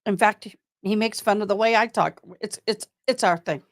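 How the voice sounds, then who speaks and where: Speaking at normal speed in a mid-range voice, a woman with a Tennessee accent runs a livestream about a trial, keeping things chatty and thanking viewers by name between updates. The recording is dry and studio-clean.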